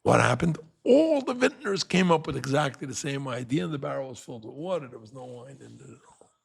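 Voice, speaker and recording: Gravelly, animated male sermon storyteller. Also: mid-range voice, brisk. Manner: animated storyteller acting out the characters. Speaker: rabbi.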